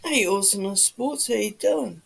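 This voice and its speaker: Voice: mid-range voice, fairly quick, creaky, breathy edge. A livestream host in a just-woken-up morning voice, chatting casually with viewers and greeting them by name.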